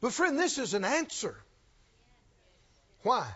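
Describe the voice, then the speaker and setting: A male preacher with a very high, lively voice who speaks slowly and leans hard on each point. The sound is dull and lo-fi, with a long reverb trailing off in a big hall. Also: slightly rough. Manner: slow, emphatic preaching with rising intensity. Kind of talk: sermon.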